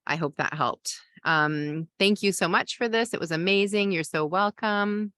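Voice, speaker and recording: A woman's voice: mid-range voice, a little slow, fairly bright tone, no room sound, clean studio sound. A woman hosting a live parenting masterclass, reading viewer questions and answering them in a loose, conversational way. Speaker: parenting coach and podcast host.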